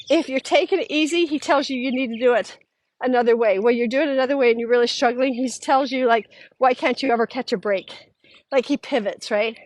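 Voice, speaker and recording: Animated high-voiced woman telling a story. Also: no echo. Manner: animated, acts out quoted voices, laughs often. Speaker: podcast host. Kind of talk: casual storytelling monologue.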